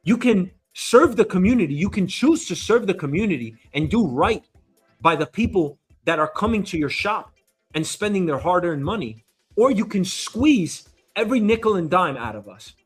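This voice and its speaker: A man, hosting his own show and telling a story as an indignant, animated rant. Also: high voice, normal speed, breathy edge, faint music behind. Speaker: show host. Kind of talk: casual ranting monologue. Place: New York.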